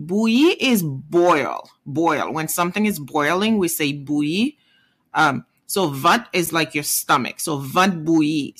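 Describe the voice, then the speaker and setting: A Haitian-accented teacher and native Haitian Creole speaker with a bright, crisp tone. They explain each word slowly and say it twice. They often check in with a quick "okay?" or "right?". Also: mid-range voice. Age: adult parent. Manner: patient, repeats words, checks in with "okay?" and "right?". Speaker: language teacher. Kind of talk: casual video lesson.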